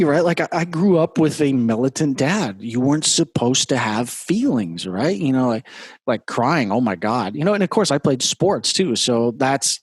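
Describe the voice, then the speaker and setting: A middle-aged man with a husky voice, a podcast guest speaking passionately and emphatically. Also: medium pitch, no room sound, studio quality. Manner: passionate, emphatic, many restarts. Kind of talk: casual podcast conversation.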